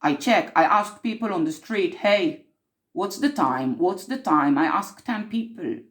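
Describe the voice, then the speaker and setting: A woman's voice: lowish voice, expressive, measured pace. A woman playing an earnest mystic who tells of time slips in an improvised monologue, intense and repeating herself for emphasis.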